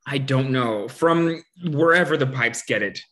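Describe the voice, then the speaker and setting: A man's voice: medium pitch, measured pace, natural voice. A man voicing a flustered, exasperated young man in an amateur audio drama. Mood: baffled. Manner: shouts in alarm, then dry and baffled.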